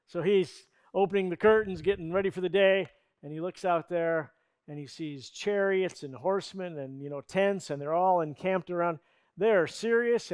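A man preaching a sermon as a pastor, telling a Bible story and acting out the quoted lines with shifts in pitch and loudness. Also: no room sound. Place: church.

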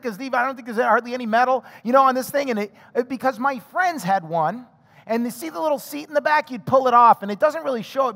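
A male pastor giving an animated, chatty sermon, telling a personal story and asking the congregation questions. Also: very high-pitched. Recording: long hall reverb.

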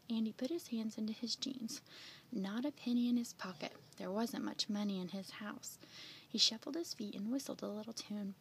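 Brief: woman narrator, storybook read-aloud, mid-pitched, gentle and expressive. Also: normal speed, vocal fry, slightly rough. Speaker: storybook reader. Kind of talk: reading a children's picture book aloud.

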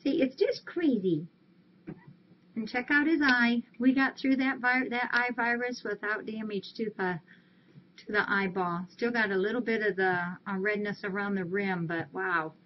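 A woman's voice: medium pitch, moderate pace. Woman, cat rescue volunteer, casual stream chat, affectionate cooing, dull lo-fi sound, faint hiss. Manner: coos affectionately at cats.

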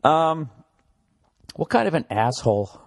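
A man's voice: medium pitch, normal speed, a little mellow. A man hosting his own podcast alone, talking in a profane, rambling, sarcastic way. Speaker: podcast host. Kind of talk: casual solo podcast monologue.

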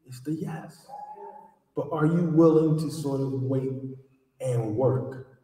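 A man's voice: medium pitch, takes it slowly, pauses often. A man telling a long story to a live audience at an author event, acting out the voices in it. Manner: animated storyteller, acts out dialogue. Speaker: author speaking at a book event. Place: large echoey hall. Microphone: distant from the recording mic. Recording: echoey hall recorded from far off.

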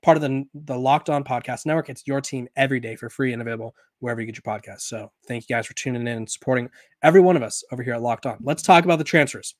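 Guy talking sports on his podcast, middle pitch, restarts a lot, got the hiccups, dry sound. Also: very fast, dry recording. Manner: conversational, with restarts and self-corrections. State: has the hiccups. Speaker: podcast host. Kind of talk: casual sports podcast talk.

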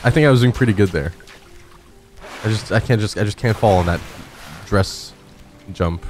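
A man's voice: on the low side, normal speed, soft background music. A man streaming a climbing game live, talking to chat in a frantic, swearing way and laughing at himself. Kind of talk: live gameplay commentary. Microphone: studio dynamic microphone.

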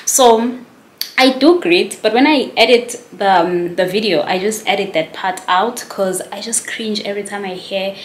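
A woman's voice: medium pitch, normal speed, a little hiss or hum. Casual vlogger, woman, 20s, mid-range voice, self-conscious rambling delivery, echoey room. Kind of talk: casual vlog chat to camera.

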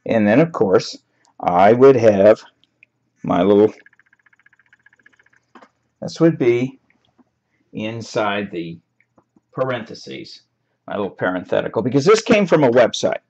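A man's voice: fairly low pitch, very animated, takes it slowly, gravelly, long pauses, a little mellow. A man teaching a writing class in a chatty, wry way, laughing now and then at his examples. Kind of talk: classroom lecture on paraphrasing. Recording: dull lo-fi recording.

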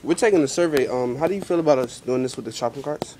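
A woman's voice: a bass voice, fast, dark tone, a little hiss or hum, low-quality recording. A woman joking with her cousins and boldly asking shoppers survey questions in a store. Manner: bold, laughing, dramatic. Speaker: cousin in a prank vlog. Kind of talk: casual chat. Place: big store, indoors.

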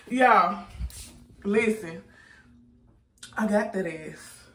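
A woman's voice: sits high, expressive, a little slow, echoey room, far from the mic, crowd noise. A woman filming a playful prank vlog on a handheld phone. She teases and laughs a lot, and her speech has features. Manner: playful, teasing, laughing often. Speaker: vlogger. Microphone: phone held in hand.

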